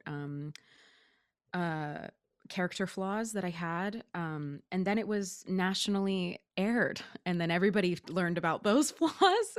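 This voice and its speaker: A woman's voice: lowish voice, no echo, studio quality. A woman guest in a casual chat, talkative and often laughing. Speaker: guest, former reality show contestant.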